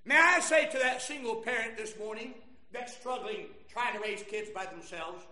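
A man preaching a sermon as pastor, swinging from quiet, confiding lines to passionate shouts. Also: sits high, moderate pace, roomy sound. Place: church sanctuary.

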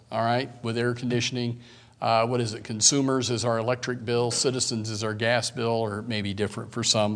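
Pastor guy preaching, slow scripture reading, loud outbursts then quiet again. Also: mid-range voice. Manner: emphatic preaching with sudden loud bursts and drawn-out scripture reading. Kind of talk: sermon.

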